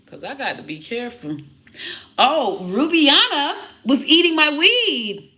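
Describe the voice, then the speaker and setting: Woman vlogger, casual chat, bright lively voice, slow and drawn out, roomy echo. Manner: animated, slips into high baby talk to her dog. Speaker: comedian vlogger talking about her puppy.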